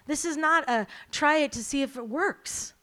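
A woman's voice: high-pitched, moderate pace, pushed and bright. A woman preaching a sermon to a church congregation, emphatic and repeating her key lines, then leading a prayer.

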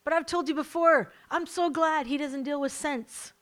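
A woman's voice: sits high, moderate pace, fairly bright tone. A woman preaching a sermon to a church congregation, emphatic and repeating her key lines, then leading a prayer.

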